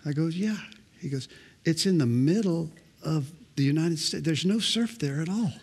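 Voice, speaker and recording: Storytelling pastor with dry humor. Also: male voice, on the high side, animated, normal speed, a little mellow, husky. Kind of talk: sermon.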